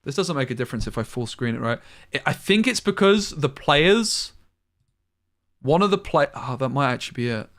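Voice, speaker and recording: A man casting a card game tournament live, calling plays briskly and thinking aloud between moves. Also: mid-range voice, expressive, fairly bright tone. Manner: brisk analytical play-by-play with thinking-aloud asides. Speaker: tournament caster. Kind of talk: live esports play-by-play commentary.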